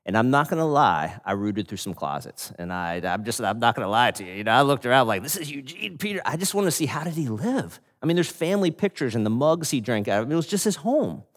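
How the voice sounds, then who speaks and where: A man preaching a sermon as a pastor, telling stories in an animated way with laughs and frequent restarts. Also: medium pitch, fast, few pauses. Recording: long hall reverb.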